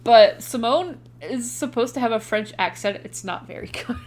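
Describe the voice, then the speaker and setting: A woman's voice: a little high, animated, moderate pace, a little mellow. A young woman co-hosting a podcast, chatting casually about a movie, swearing now and then and laughing often. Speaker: podcast co-host. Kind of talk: casual chat recapping a movie.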